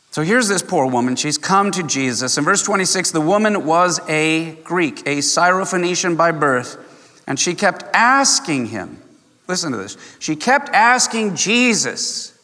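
A man's voice: on the high side, pushed and bright. Emphatic preacher man in an echoing hall. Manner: emphatic, slows down to stress key words, chuckles often. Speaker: pastor. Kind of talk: sermon. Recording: long church reverb.

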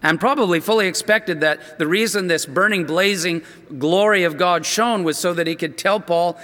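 A male preacher with a high, bright and sharp voice tells a story in an earnest, emphatic sermon. He often restarts his phrases. The sound rings with the long reverb of a large hall. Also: moderate pace.

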